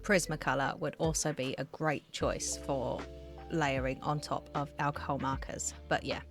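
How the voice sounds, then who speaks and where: A woman with a low voice talks through her art vlog in a relaxed, chatty voiceover. She giggles often and runs herself down. Faint music plays underneath her words. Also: moderate pace. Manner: chatty, giggly, self-deprecating. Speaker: art vlogger. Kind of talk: casual voiceover narration. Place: home art studio.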